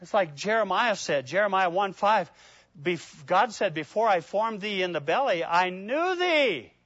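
Impassioned high-voiced man preaching. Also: expressive, no echo, dull audio. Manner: impassioned, swings from loud emphatic peaks to hushed prayerful asides; reads scripture slowly and deliberately. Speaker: pastor. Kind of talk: sermon.

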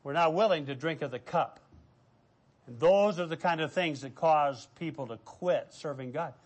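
A man's voice: fairly high pitch, normal speed. A middle-aged man preaching a sermon as pastor, telling stories and acting out the voices of people he quotes.

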